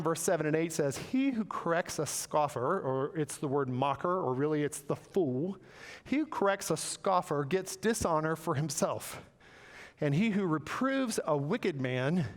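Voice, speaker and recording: A man preaching a sermon, animated and playful, acting out quoted voices with joking asides. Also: on the high side, measured pace, big-room sound. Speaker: pastor. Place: church sanctuary.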